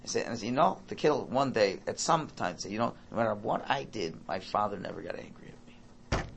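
A man giving an informal Torah talk, animated and acting out parent and child dialogue. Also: on the low side, brisk, creaky, slight background noise.

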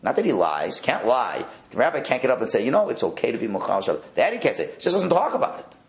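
A man, a rabbi, teaching a Torah class in a wry, animated way, sprinkling in Hebrew and Yiddish words. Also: mid-range voice, fast.

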